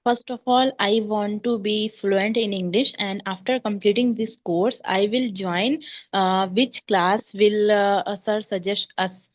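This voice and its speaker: A woman's voice: mid-range voice, fairly even intonation, measured pace, no room sound. Woman, English learner, eager, filler-heavy, muffled dry audio. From India. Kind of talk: English speaking practice. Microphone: online class audio.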